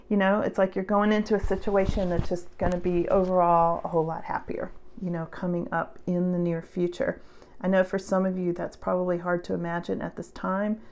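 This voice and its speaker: A woman giving a casual tarot reading to her viewers, chatty and reassuring, laughing often and getting animated when stirred up. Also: mid-range voice. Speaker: tarot reader.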